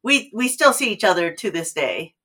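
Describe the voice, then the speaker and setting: An American woman, middle-aged, telling stories as an actor guest in a casual interview, animated and quick to laugh. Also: fairly low pitch. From United States. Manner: animated storyteller, laughs easily.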